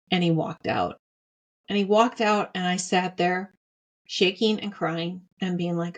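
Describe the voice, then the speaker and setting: A woman's voice: lowish voice, measured pace. A middle-aged woman hosting a podcast, candidly telling a personal story and repeating phrases for emphasis. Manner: candid and heartfelt. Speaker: podcast host.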